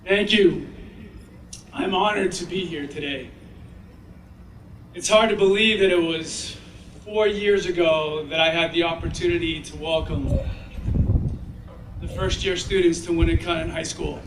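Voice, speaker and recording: High-voiced man telling stories at a graduation. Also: unhurried, long pauses, noisy background. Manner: animated storyteller, acts out children's voices. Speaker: commencement speaker. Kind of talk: ceremonial speech with storytelling. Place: graduation ceremony. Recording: echoey sound from far off.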